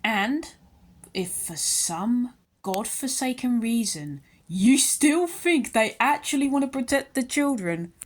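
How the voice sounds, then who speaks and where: A young British woman ranting angrily into her channel's camera, sarcastic and worked up, her pitch jumping up and down as she talks. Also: sing-song, measured pace. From United Kingdom. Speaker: YouTuber. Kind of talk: ranting vlog commentary.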